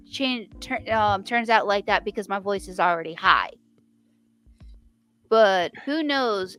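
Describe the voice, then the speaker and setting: Bright, clear-voiced woman chatting. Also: mid-range voice. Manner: chatty, rambling with restarts. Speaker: writer in a live writing stream. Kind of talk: casual chat.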